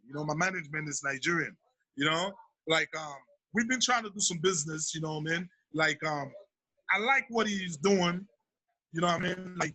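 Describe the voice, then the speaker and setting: A man's voice: a little high, bright, forceful tone, dry recording, low-quality recording. A man from Sierra Leone, a rapper answering interview questions in a laid-back way, often tagging his sentences with "you know what I mean". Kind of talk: casual interview talk.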